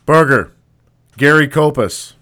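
A man's voice: on the high side, slow, pushed and bright. A man co-hosting a podcast, calling out rant topics in short, offhand prompts. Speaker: podcast co-host.

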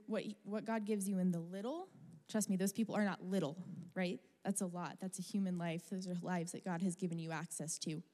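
A young woman preaching in a church. Her voice is mid-pitched and carries a long reverb through a big hall. She talks casually, with fillers, and keeps the story lively as she tells it. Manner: conversational, animated storytelling with fillers. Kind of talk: sermon with personal story.

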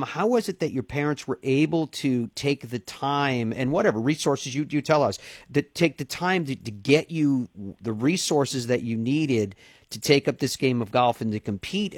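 A man hosts an interview, his voice mid-pitched and dry, close to the mic in a dead room. He strings his questions together at length, eager and rambling. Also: no echo. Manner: enthusiastic, long winding questions. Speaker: interview host. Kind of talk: interview podcast.

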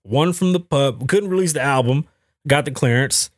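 A man hosting his own podcast in a casual, profane, animated monologue, telling stories about his week. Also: mid-range voice, normal speed, no echo, studio quality. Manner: animated, swears freely, tells stories with acted quotes. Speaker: podcast host. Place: home in Las Vegas.

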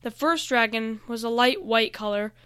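A woman reads a fantasy story aloud in a bright, smooth voice that sits a little high. The delivery is steady and even. The recording is close and dry. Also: moderate pace, dry recording. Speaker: reader.

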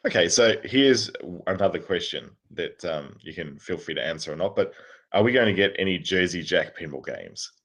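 A man's voice: low voice, lively intonation, moderate pace, fairly bright tone, breathy edge. A man co-hosting a podcast, reading listener questions in an easygoing, amused way. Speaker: podcast co-host.

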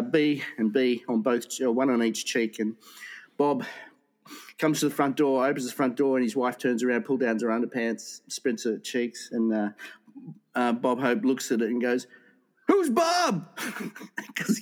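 A man's voice: medium pitch, steady tone, moderate pace, darkish tone. A man telling rambling jokes. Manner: rambling, restarts and laughs at his own punchlines. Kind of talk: casual joke-telling.

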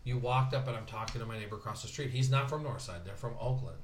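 A man from Southern California talking casually in his dining room, telling stories with lively impressions of other people. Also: medium pitch, fast, a little hiss or hum. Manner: animated storytelling, mimics other people. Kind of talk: casual conversation. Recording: roomy home dining room.

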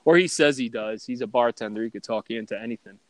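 A man telling loud, profane stories in a casual podcast chat. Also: mid-range voice, fast, no echo. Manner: loud, profane, animated storyteller. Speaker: guest storyteller.

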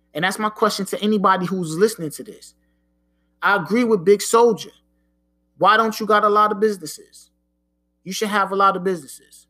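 Alone on his podcast, a high-voiced man with a slightly bright tone speaks in blunt, profane street slang. "You know what I'm saying" comes up again and again in his casual talk.

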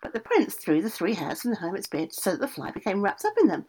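A woman storyteller reading a fairy tale with a lively, up-and-down delivery and a husky, breathy grain. She slips in casual asides between the scripted lines. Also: medium pitch, quick pace.

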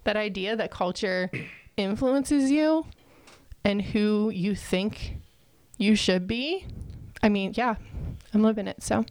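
A young woman telling a personal story in casual chat, animated and laughing often as she acts out what people said. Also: medium pitch, takes it slowly, pauses often, no echo.

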